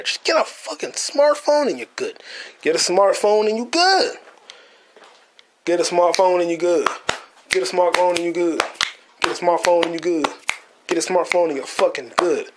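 A man's voice: high-pitched, animated, normal speed, slight background noise. A man in his twenties with an American accent, hosting a podcast as a casual solo monologue, profane and joking, stumbling over his words. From United States. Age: 20s. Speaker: podcast host.

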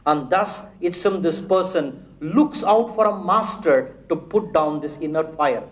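A man giving a spiritual discourse, telling a parable in a measured storytelling manner and addressing listeners as friends. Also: fairly high pitch, lively intonation. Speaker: spiritual teacher.

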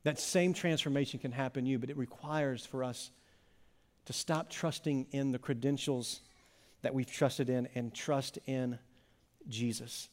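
A man's voice: mid-range voice, steady tone, a little slow, darkish tone. A man, a pastor, preaching a sermon in an earnest, conversational way with small fillers.

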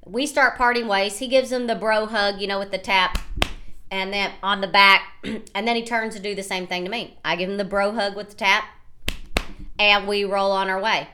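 Woman in her thirties, podcast host, animated rambling storytelling, bright clear voice. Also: medium pitch, moderate pace, slight background noise. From United States. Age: 30s. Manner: animated, rambling, quotes others in her retelling. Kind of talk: casual storytelling monologue.

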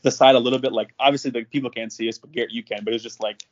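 Brief: young man, casual storyteller, mid-pitched, laughing often, muffled lo-fi audio. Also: rapid-fire. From North Dakota. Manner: animated, laughs often while telling. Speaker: podcast guest.

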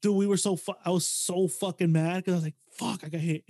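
A man's voice: high-pitched, fairly even intonation, a little fast, warm tone, no echo, studio quality. A man hosting a podcast, telling a story in a casual chat with lots of swearing and animation.

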